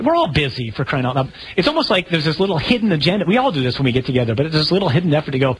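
Priest, male, higher voice, casual sermon style with audience questions and self-mocking humor. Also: big pitch swings, very fast, few pauses, breathy edge, poor audio. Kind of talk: sermon talk to a congregation.

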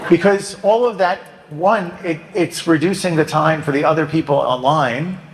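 A man, a Catholic priest, giving a humorous homily in a joking, animated way, now and then acting out penitents' voices. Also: fairly high pitch, slight background noise. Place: church. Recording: echoey church hall.

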